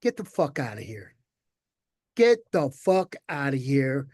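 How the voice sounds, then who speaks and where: A man's voice: mid-range voice, big pitch swings, a little slow, darkish tone, no room sound, clean studio sound, voice pushed down. A man voicing Saint Peter as a blunt, rude male gatekeeper of heaven in a spoken joke. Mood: gruff. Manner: blunt and curt.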